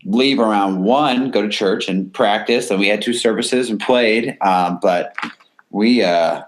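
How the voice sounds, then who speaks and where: A man's voice: on the low side, unhurried. A man co-hosting a casual podcast, talking in an earnest, eager way with plenty of ums. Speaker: podcast co-host.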